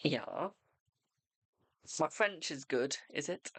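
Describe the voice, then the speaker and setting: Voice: medium pitch, animated, very slow, fairly bright tone, husky, no echo. A tarot reader hosting a casual live stream, chatty and self-mocking, swearing freely.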